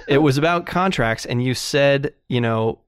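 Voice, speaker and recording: A man's voice: mid-range voice, normal speed, clean tone, no room sound, studio quality. Earnest man explaining in casual chat. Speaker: podcast co-host.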